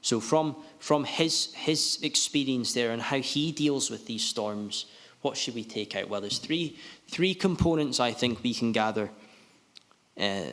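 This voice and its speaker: A man preaching a sermon in an earnest, halting way, often restarting his sentences. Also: on the low side, a bit bright. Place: gospel hall. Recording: long hall reverb.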